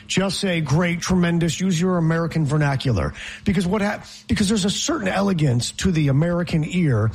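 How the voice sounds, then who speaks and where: A man co-hosting a loose comedy podcast, ranting with sarcastic jabs. His voice is husky and sits a little high. He talks freely, bouncing between jokes and complaints. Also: expressive, fairly quick, darkish tone. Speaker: podcast co-host. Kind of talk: casual comedic chat.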